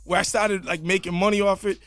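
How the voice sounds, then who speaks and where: Tired, high-voiced Boston rapper, swearing. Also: male voice, little pitch movement, fairly quick, fairly bright tone, soft background music. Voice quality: swears constantly, stumbles and restarts his sentences. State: tired from little sleep. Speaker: guest rapper. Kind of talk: casual interview chat.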